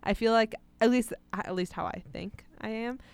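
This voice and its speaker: A young woman co-hosting a casual chat, relaxed and self-deprecating, laughing often. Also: a little high, moderate pace, gravelly, clean tone, no echo.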